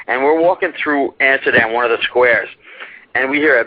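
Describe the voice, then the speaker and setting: A man's voice: mid-range voice, normal speed, no room sound, soft background music. A young man telling a rambling, profane story about a trip as a guest on a talk show, laughing at his own tale. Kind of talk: casual storytelling. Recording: muffled dry internet radio.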